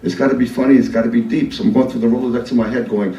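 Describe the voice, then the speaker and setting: A man's voice: medium pitch, steady tone, rapid-fire, mellow, dull audio. A man in his seventies doing a profane, rambling comic monologue on a live club stage, full of restarts. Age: 70s. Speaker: performance artist. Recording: roomy live club sound, distant mic.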